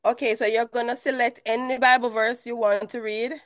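A woman's voice: fairly high pitch, little pitch movement, fairly quick. A woman leading an online church meeting over a video call, calling on people by name and giving directions.

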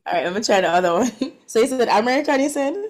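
A woman on a video call, chatting and laughing as she reads scripture aloud haltingly. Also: on the high side, lively intonation, a little mellow. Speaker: participant in an online prayer meeting. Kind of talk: casual video-call chat and scripture reading.

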